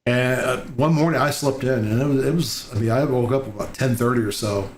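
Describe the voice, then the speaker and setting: A man's voice: mid-range voice, steady tone, fairly quick, slight background noise. Rambling male host in an echoey room. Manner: rambling, many fillers and restarts. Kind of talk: casual interview chat. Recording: echoey room with faint ambience.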